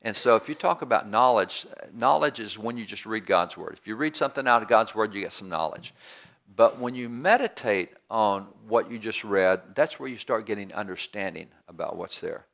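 A man's voice: on the low side, animated, normal speed, gravelly, a bit bright. A man preaching a sermon in a folksy, down-home way, repeating phrases for emphasis. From rural area.

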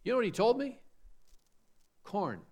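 Animated preacher with a lively voice. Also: male voice, a little high, measured pace. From suburban Chicago. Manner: animated preaching with rhetorical questions and homespun stories. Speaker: pastor. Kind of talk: sermon.

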